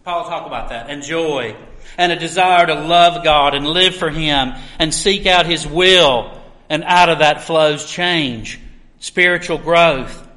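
A pastor preaching a sermon, with earnest, emphatic delivery and drawn-out stresses, in a church sanctuary. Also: male voice, fairly high pitch, pushed and bright. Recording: echoey room.

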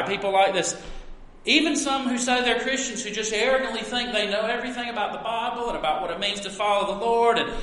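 A man delivers a sermon with earnest emphasis and pointed rhetorical questions. His voice sits high and bright. It rings through a roomy church with a long, lingering reverb. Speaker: preacher. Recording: echoey hall with long reverb.

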